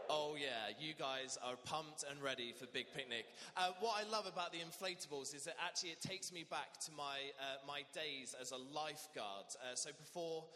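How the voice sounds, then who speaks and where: A young man, a vicar, telling a humorous story in a lively sermon. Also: on the high side, normal speed, hardly any pauses, big-room sound, a little hiss or hum. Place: church.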